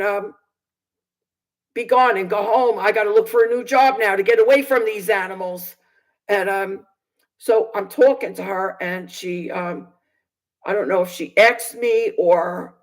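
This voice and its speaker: Bible teacher telling a testimony, indignant, hesitant with restarts, middle pitch. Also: low-quality recording. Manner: hesitant, many fillers and restarts; aggrieved, indignant. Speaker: Bible teacher on a video channel. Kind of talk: personal testimony storytelling.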